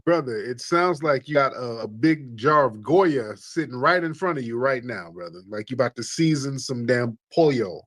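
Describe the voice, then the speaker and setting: A man runs a relaxed call-in show and ribs his callers in slangy, casual talk, often breaking into laughter. His voice sits at a middle pitch. The sound is close and dry. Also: normal speed, few pauses, no echo.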